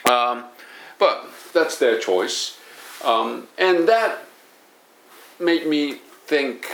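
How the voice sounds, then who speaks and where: A man's voice: mid-range voice, lively intonation, drawn-out words, vocal fry, long pauses, fairly bright tone. A man who speaks Japanese natively, with a Kansai Japanese accent, teaches English at a university and talks in a casual solo monologue, hesitant and full of fillers and self-corrections. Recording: roomy echo.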